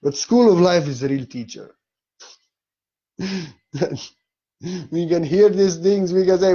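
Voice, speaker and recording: A man's voice: a little high, a little slow, long pauses, dark tone, lo-fi sound. Candid man giving a spiritual talk. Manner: candid and emotional, blunt with occasional swearing. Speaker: spiritual teacher.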